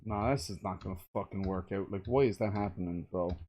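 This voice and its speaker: A man's voice: deep voice, fairly quick, a little mellow, a little hiss or hum. A man streaming game development, swearing and muttering in frustration as he follows a tutorial. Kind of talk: casual game dev livestream.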